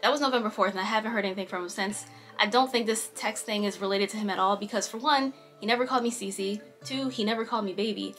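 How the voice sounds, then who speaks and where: A woman talks straight to her viewers in a casual storytime, chatty and easygoing, stopping often to laugh. She acts out the voices of the people in her story as she goes. Faint music plays quietly underneath. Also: medium pitch, fast talker. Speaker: vlogger.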